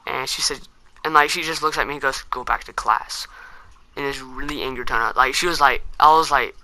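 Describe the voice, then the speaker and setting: A man's voice: mid-range voice, fairly even intonation, brisk, pushed and bright. A teenage boy telling a story to camera in a rambling, self-mocking way, full of fillers. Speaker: vlogger.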